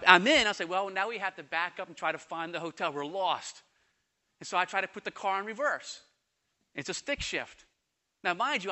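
Man, pastor, high voice, bright tone, animated storytelling sermon. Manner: animated storytelling, quick bursts, slows for scripture.

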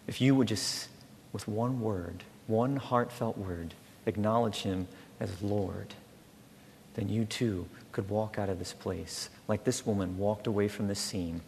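A man preaching a sermon as pastor, rising loud on key words and falling to a slow, soft hush. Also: on the low side, fairly even intonation, gravelly. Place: church. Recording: long hall reverb, faint room noise.

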